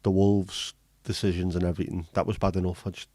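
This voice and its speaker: Joking host, casual swearer, mellow low voice, dry close sound. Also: male voice, level tone, fast talker, dry recording. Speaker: livestream host. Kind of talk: casual chat reading viewer comments.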